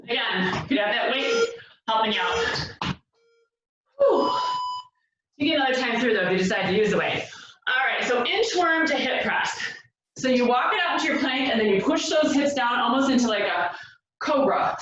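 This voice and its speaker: A breathless woman coaches a cardio workout in a lively, swooping voice that sits a little high. She counts down and urges the listener on with steady energy. She is heard from across a very echoey room on a dull, slightly noisy recording. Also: a little fast. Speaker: fitness instructor. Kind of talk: home workout instruction. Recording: echoey room, distant mic, dull sound.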